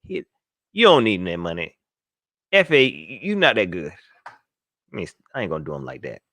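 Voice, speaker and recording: Animated, bright-voiced man hosting sports talk. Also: low voice, normal speed, no room sound. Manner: animated, slangy, jokey, reads viewer comments aloud. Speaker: sports podcast host. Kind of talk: live call-in sports talk.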